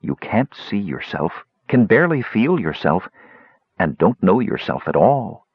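A man's voice: on the low side, very animated, a little slow, slightly rough, no echo, muffled recording, full character voice. A man voicing a cold, contemptuous female spirit in an audiobook, with a purring, scornful delivery. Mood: cold contempt.

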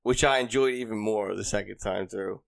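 A man's voice: lowish voice, normal speed, creaky, a little hiss or hum. A man co-hosting a podcast, chatting casually and often asking questions. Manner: conversational, questioning. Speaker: podcast co-host. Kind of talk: casual chat.

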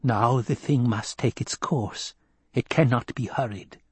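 A man voicing a fierce, devout desert housekeeper woman, speaking slowly in a low muttering way in an audiobook. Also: a little mellow, husky, dry recording. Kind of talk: audiobook character voice.

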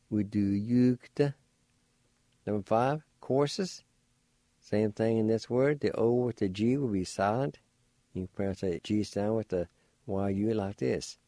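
A man with a fairly low, mellow voice leads a radio language lesson. He speaks very slowly and deliberately, breaking each word into syllables. The sound is close and dry, as from a studio. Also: no room sound. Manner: slow, careful, spells and sounds out words syllable by syllable. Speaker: radio host teaching Cherokee words.

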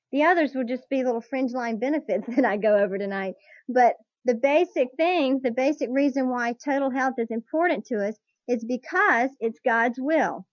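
A woman teaching a Bible class to a live group, earnest and slow on key points, putting questions to her listeners, on a dull lo-fi tape recording. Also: high voice, dry recording. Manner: earnest, drawn-out emphasis, asks the audience questions.

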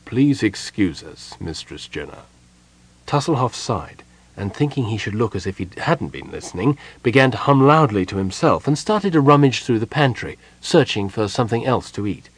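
A man narrating a fantasy audiobook in a steady, even reading voice. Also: mid-range voice, brisk, breathy edge. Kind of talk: scripted narration.

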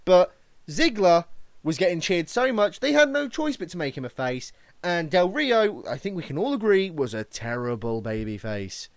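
A man's voice: high-pitched, big pitch swings, moderate pace, dry recording. A man co-hosting a casual wrestling chat, arguing and mocking his friend, swearing freely. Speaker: wrestling podcast co-host.

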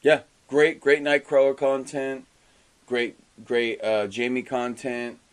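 Excitable man gushing about comics. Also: mid-range voice, slow, clear, resonant tone. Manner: enthusiastic, animated, stumbles and restarts often. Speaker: podcast co-host. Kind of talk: casual comic book discussion.

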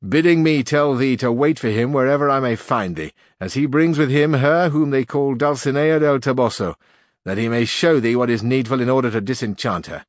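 A man's voice: medium pitch, fairly quick, dry recording, clean studio sound, lightly acted. A man voicing a brusque demon courier with a harsh, discordant, formal delivery.

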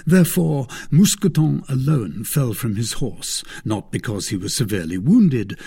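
A man narrating a classic adventure novel in a steady, even reading voice. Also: medium pitch, breathy edge. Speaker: audiobook narrator. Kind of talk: scripted narration.

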